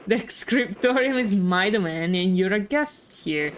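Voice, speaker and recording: A woman reading aloud the lines of a stern, proud older male monk from a game, in a slow, haughty and reproachful way. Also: mid-range voice, expressive, slight background noise, lightly acted.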